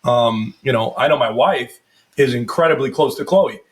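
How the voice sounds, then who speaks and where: Speaking at a normal speed in a mid-range voice, a man in his thirties who works as a first responder hosts a laid-back podcast. His storytelling is loose and profane, drifting into mock voices.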